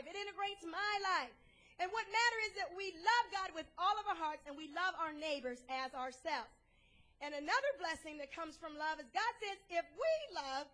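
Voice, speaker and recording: A woman preaching a lively sermon with folksy asides and calls of amen and hallelujah. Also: very high voice.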